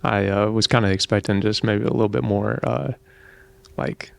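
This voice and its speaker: A man in his thirties, a contestant on a dating show, talking in a relaxed, hesitant way. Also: lowish voice, normal speed, gravelly, dry recording. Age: 30s. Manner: relaxed, hesitant, lots of fillers. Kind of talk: casual chat.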